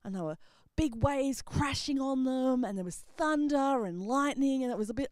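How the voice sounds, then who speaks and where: A woman telling a Bible story to children, very expressive, dropping to whispers and rising to loud exclamations. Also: high voice, moderate pace, few pauses, no echo. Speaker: children's ministry presenter. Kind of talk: animated Bible storytelling for kids.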